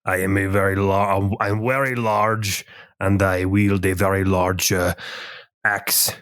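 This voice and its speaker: A man's voice: sits low, flat delivery, unhurried, fairly bright tone, smooth, no room sound, studio quality. A man voicing a huge, boastful male warrior chieftain in a thick put-on accent during tabletop role-play.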